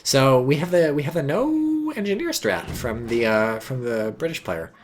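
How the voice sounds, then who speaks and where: A man casting a strategy game match in casual commentary, excitable, sarcastic and swearing freely. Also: mid-range voice, moderate pace, a little hiss or hum. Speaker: game caster.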